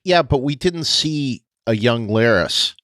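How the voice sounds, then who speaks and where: A man's voice: mid-range voice, lively intonation, slow, fairly bright tone, no echo. A man co-hosting a podcast in casual chat, rambling through his point with frequent restarts and laughs. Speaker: podcast co-host.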